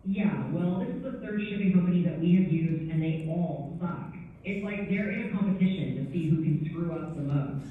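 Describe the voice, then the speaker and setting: A man's voice: fairly high pitch, moderate pace, recorded from a distance. A synthetic man's voice acting as a customer service agent in a staged demo, complaining melodramatically. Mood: exasperated. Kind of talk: scripted customer service role-play. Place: conference hall, played over speakers. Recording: echoey phone-like speaker playback in a hall, from afar.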